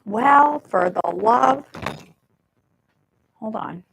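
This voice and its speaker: Woman, gravelly voice, chatty live kitchen stream, warbly staticky audio, faint hiss. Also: on the high side, lively intonation, extremely slow. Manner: chatty, self-deprecating, fiddling with her mic. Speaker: host of a live cooking stream. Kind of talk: casual live-stream chat. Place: home kitchen.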